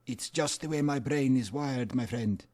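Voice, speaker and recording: A man's voice: mid-range voice, moderate pace, a little mellow, voice pushed up, close to an everyday voice. A man voicing a drunk old man in a desert tavern who rambles theatrically and begs for beer. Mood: grand, knowing. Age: older.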